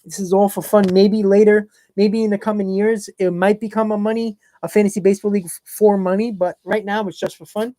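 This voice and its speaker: A man's voice: sits high, flat delivery, brisk, few pauses, dark tone, no echo. A man hosting a casual fan live stream, blunt and opinionated, talking to chat viewers by name.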